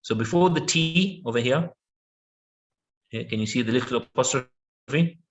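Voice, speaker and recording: A man giving an online English lesson in an everyday mid-range voice. He talks patiently, drawing words out and filling the pauses with yeah and okay while he checks that his students follow. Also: mid-range voice, dull audio, slight background noise. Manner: patient, repeats words slowly with many yeahs and okays. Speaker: English teacher.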